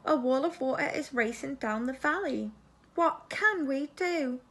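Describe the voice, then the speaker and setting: Woman doing a squeaky gentle giraffe. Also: expressive, measured pace, exaggerated voice. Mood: alarmed.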